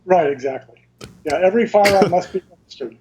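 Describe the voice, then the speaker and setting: A man as an interview guest, explaining things carefully and in detail, with halting restarts, over dull lo-fi remote audio. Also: sits high, expressive, a little mellow.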